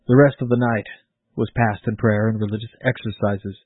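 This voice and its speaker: A man reads a 19th-century story aloud in a measured, formal way. His voice is husky and sits in a mid range. The recording is dry and thin, almost like a phone line. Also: fairly low pitch, steady tone, no echo. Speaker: narrator. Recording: tinny phone-like dry sound.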